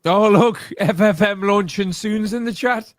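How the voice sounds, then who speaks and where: A man's voice: high-pitched, a little slow. A man co-hosting a casual streamed chat, joking dryly and swearing. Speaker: co-host.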